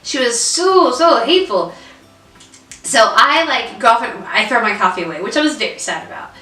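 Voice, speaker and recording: A woman's voice: on the high side, animated, moderate pace, sharp tone, distant mic, faint music behind. A young adult woman co-hosting a casual vlog, telling an upsetting story with lots of fillers and restarts. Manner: emotional storytelling with many fillers. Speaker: vlog co-host. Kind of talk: casual chat. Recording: roomy echo, away from the mic.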